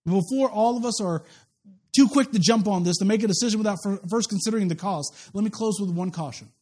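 A man's voice: high voice, quick pace, warm tone. A man pastor preaching a sermon in a conversational, story-telling way, often repeating and restarting words, with self-deprecating humor.

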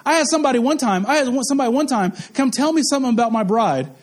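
High-voiced man preaching with fervor. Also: lively intonation, racing. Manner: impassioned, repetitive, asks the crowd questions. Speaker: pastor. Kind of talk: sermon.

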